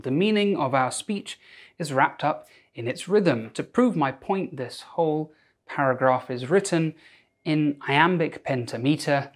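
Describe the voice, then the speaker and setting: A man, a doctor, narrating a scripted educational video with wry, self-mocking asides. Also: mid-range voice.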